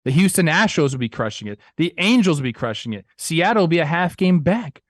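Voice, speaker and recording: A young man co-hosting a casual sports talk show, animated and playful, acting out quotes in goofy voices. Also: on the high side, brisk, no echo, studio quality. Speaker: podcast co-host.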